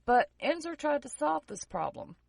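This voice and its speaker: A woman's voice: high voice, sing-song, moderate pace, gravelly, no room sound. Chatty woman podcast host, dry sound. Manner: narrates history from notes with joking, sarcastic asides. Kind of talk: casual history podcast chat.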